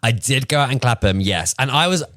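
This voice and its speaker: A man's voice: mid-range voice, animated, brisk, bright, forceful tone, no echo, studio quality. A young man co-hosting a podcast, hungover, giggling often as he tells stories in casual chat. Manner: giggly, laughs often while storytelling. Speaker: podcast co-host.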